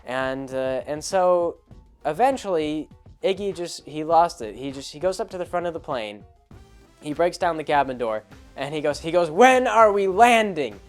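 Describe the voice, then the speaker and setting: A man's voice: on the high side, moderate pace, darkish tone, clear, resonant tone, faint music behind. A man hosting a show, rambling through an anecdote about a tabletop game and repeating words as he goes. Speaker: host.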